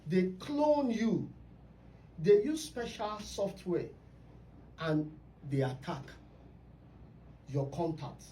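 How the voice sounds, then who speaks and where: A woman's voice: fairly low pitch, very animated, extremely slow, long pauses, mellow. A woman hosting a radio talk show, telling stories emphatically. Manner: storytelling, emphatic. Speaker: radio host. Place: radio studio. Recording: distant mic with faint noise.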